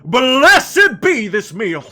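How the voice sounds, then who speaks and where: A man reading aloud as a hungry male Goron stuck on a high ledge, talking loudly and formally and gushing over food. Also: sing-song, extremely slow, exaggerated voice. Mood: excited.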